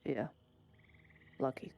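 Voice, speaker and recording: A woman voicing a caring young man who speaks softly and hesitantly. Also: takes it slowly, natural voice. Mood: concerned. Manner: soft, hesitant. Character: gentle caring young man, worried companion.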